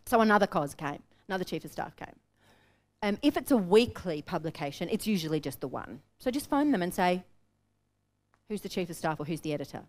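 An Australian woman coaching a live workshop, energetic and direct, telling stories to make her points. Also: on the low side. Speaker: business coach. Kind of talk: workshop teaching. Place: seminar room with an audience.

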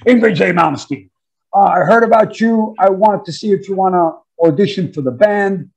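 A man's voice: high-pitched, moderate pace, gravelly, rough recording. A man putting on a brusque, demanding male rock star while telling a story.

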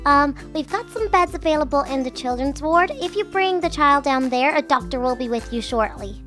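A woman's voice: sits high, expressive, normal speed, a bit bright, faint music behind. A woman voicing a polite, helpful hospital receptionist in a game role-play.

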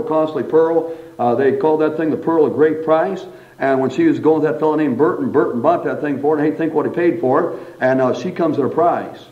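Man preaching, folksy and animated, fairly high voice, dull lo-fi recording. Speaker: pastor. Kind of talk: sermon.

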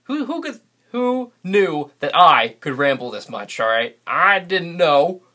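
Bright-voiced rambling New guy. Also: a little high, huge pitch swings, unhurried. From New England, USA. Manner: rambling, chatty, laughs often. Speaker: vlogger. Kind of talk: casual solo vlog. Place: sitting alone in front of a camera. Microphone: camera mic.

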